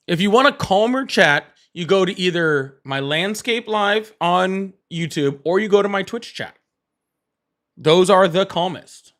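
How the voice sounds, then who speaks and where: A man's voice: sits high, animated, measured pace, a bit bright. Teasing Southern man hosting a call-in stream. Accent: Southern American. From American South. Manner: blunt, teasing, laughs often. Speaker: live stream host. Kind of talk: casual live call-in chat.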